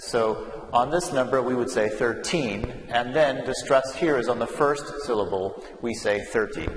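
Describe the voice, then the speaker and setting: A man teaching an English lesson to learners, speaking slowly and carefully and repeating words so they can follow. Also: mid-range voice. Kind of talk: slow classroom lesson. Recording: echoey room with long reverb, faint noise.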